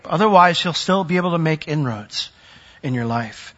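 Male pastor, bright higher voice, emphatic sermon delivery with dramatic drops; muffled recording. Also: lively intonation, moderate pace. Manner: swings from loud emphatic peaks to soft low asides.

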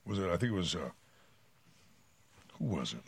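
A man's voice: deep voice, big pitch swings, moderate pace, gravelly, slightly rough. A man preaching a sermon, reading scripture and acting out quotes with dramatic swings. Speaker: pastor.

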